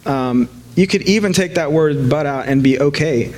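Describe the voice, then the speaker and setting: A man's voice: on the high side, a little fast, a little mellow. A man preaching a casual sermon to a live congregation, joking and conversational, with frequent fillers and restarts.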